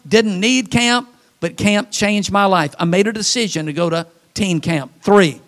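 A man in his sixties preaching a folksy sermon in a church, joking with the congregation and leading them in call-outs. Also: sits high. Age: 60s. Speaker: pastor. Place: church sanctuary.

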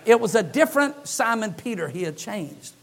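High-voiced animated preacher, man. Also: moderate pace, creaky. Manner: animated storytelling, acts out the scripture characters' lines; frequent "uh" fillers. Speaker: pastor. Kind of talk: sermon.

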